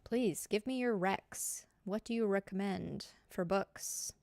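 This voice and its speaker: A woman's voice: medium pitch, slow pace, gravelly, darkish tone, no room sound. Giggly Southern woman chatting to viewers. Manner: chatty and giggly, lots of fillers. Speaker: streamer. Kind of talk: casual chat with live viewers.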